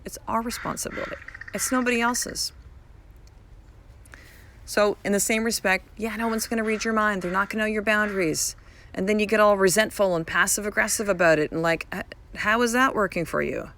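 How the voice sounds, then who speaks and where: A woman's voice: medium pitch, fairly quick, a bit bright, slight background noise. A woman in her thirties hosting a podcast from home, talking frankly and repeating herself for emphasis, swearing casually. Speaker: podcast host. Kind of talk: casual motivational podcast talk. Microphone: podcast mic.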